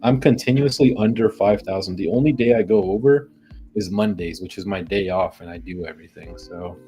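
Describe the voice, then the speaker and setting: A man's voice: sits low, a little fast, dark tone, soft background music. A young man chatting casually on a livestream, rambling and joking with plenty of profanity.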